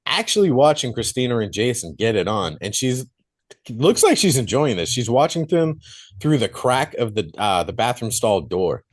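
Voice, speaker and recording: A man co-hosting a podcast, casually retelling a movie plot in animated detail and swearing freely. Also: mid-range voice, normal speed. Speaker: podcast co-host reviewing a film.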